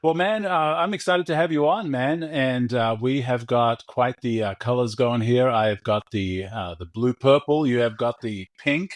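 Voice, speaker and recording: A man's voice: medium pitch, a little slow, few pauses. A man hosting a podcast, friendly and jokey, laughing often as he chats with his guest. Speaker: podcast host. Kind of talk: casual conversational interview.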